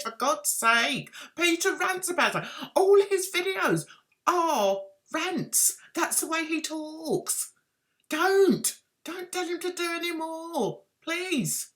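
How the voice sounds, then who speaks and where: Sarcastic woman, high and lively. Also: slow. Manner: sarcastic, exasperated, laughing. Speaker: YouTube commentator. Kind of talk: mocking commentary on a video.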